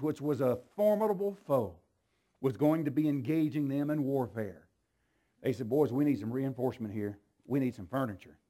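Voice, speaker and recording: High-voiced man preaching a lively sermon. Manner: animated preaching, swinging from low and slow to shouted exclamations. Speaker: pastor.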